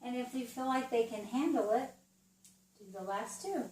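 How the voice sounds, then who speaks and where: A woman's voice: fairly high pitch, expressive, darkish tone, far from the mic, a little hiss or hum. A woman who teaches in the Montessori way, demonstrating a geography lesson for young children with patient, childlike prompts. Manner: slow, patient, speaks as if to a small child. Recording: roomy, from away from the mic.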